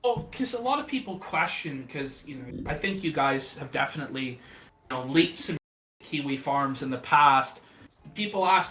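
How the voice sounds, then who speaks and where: A man's voice: fairly high pitch, lively intonation, normal speed, sharp tone, roomy sound. A man hosting an interview, asking probing questions in a casual way and hedging with fillers. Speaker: show host and interviewer.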